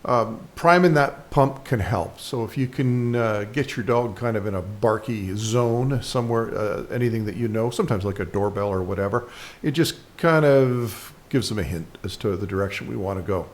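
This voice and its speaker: A man's voice: on the low side, moderate pace. A man hosting a dog training video, explaining a trick in a rambling voice-over with frequent fillers and restarts.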